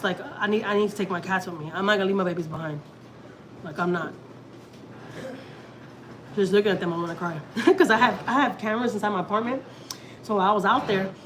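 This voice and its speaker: A Houston, Texas woman chats casually as a family vlogger, rambling and emotional, with frequent restarts and fillers. Her voice is medium-pitched and fairly bright. The low-quality recording has slight background noise.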